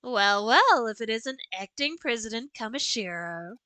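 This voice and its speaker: A woman's voice: a little high, expressive, a little slow, bright, forceful tone, smooth, no echo, low-quality recording. A woman reading the lines of a smug, scheming male villain from a game, silky and condescending. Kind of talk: reading game dialogue aloud.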